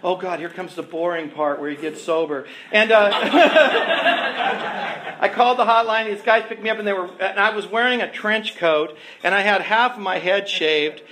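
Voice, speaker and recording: High-voiced man rambling through a stage story. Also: pushed and bright, slight background noise. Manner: rambling, self-mocking, laughing through the tale. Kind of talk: stand-up storytelling. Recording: live show with audience laughter. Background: crowd laughing.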